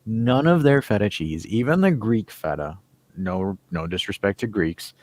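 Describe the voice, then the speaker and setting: Low-voiced man chatting on a podcast. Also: lively intonation, a little slow, darkish tone. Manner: chatty, reads out viewer comments. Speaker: podcast co-host. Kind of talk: casual podcast chat.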